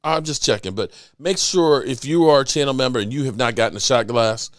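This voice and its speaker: A middle-aged man hosting a casual sports talk show on a desk mic, rambling and chatty, giving shout-outs to viewers. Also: medium pitch, brisk, no room sound, studio quality. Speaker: podcast host. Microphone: desk microphone.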